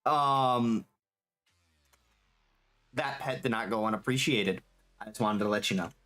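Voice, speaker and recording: A live streamer with a medium-pitched voice chats casually while working, reading the chat aloud and swearing freely. Excitable and quick to laugh, he talks over faint background music.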